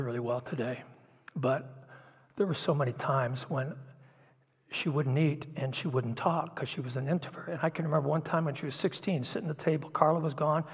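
Husky man preaching in a big hall. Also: fairly high pitch. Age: middle-aged. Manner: confessional, emotional, drops to whispers and surges louder. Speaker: pastor. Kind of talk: personal testimony sermon. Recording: long hall reverb.

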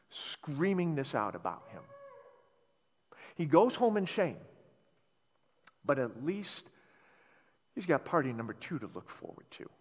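A man preaching a sermon, telling a scripture story in an animated, conversational way. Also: a little high. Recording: reverberant hall.

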